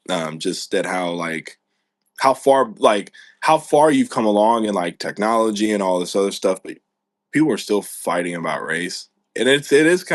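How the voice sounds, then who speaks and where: A man's voice: deep voice, a bit bright, no room sound, clean studio sound. A man from the United States hosting a podcast, chatting casually, rambling and laughing often as he talks. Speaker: podcast host.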